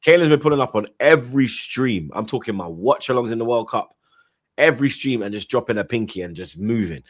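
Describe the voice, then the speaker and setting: A man chatting casually on a football stream, rambling through shout-outs with slang and repeated "you get me". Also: medium pitch, animated, brisk, dry recording, studio quality. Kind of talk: casual chat, reading out super chats.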